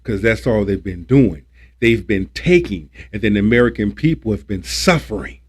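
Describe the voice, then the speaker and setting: A man's voice: fairly low pitch, animated, normal speed, slightly rough. A man hosting a livestream, ranting about politics in a preachy, repetitive, emphatic way and swearing when he gets worked up. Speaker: livestream host.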